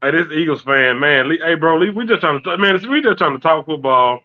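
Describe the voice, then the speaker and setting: A man co-hosts a sports show, answering rival fans with relaxed, slangy banter. His fairly high voice comes through a thin line that sounds like a phone call. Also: a little fast. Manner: laid-back slangy banter. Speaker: co-host. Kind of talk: casual sports talk.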